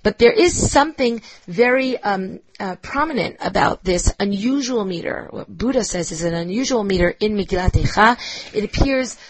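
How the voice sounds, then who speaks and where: A woman's voice: medium pitch, expressive, normal speed, rough recording. A woman giving a Bible lecture, explaining step by step with fillers and asking "right?" along the way. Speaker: Bible teacher. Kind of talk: recorded lecture.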